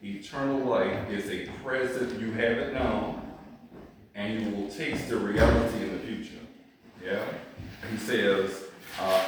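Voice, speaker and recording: Slow-preaching man in an echoey hall. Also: on the low side, steady tone, slight background noise. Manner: repetitive, asks the congregation questions. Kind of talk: sermon. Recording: echoey room from far off.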